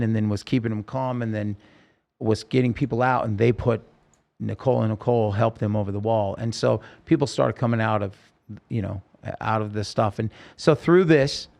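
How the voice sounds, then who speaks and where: Man, gravelly voice, mid-range pitch, earnest podcast guest, halting storytelling, emotional. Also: darkish tone. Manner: halting, full of restarts and fillers. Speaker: podcast guest, singer-songwriter. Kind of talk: personal storytelling in conversation.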